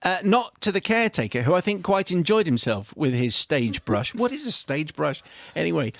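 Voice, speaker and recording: A man's voice: fairly high pitch, very animated, moderate pace, gravelly, no echo. A British man hosting a radio show, reading out a listener's confession with amused, theatrical storytelling. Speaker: radio host. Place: radio studio. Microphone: studio microphone.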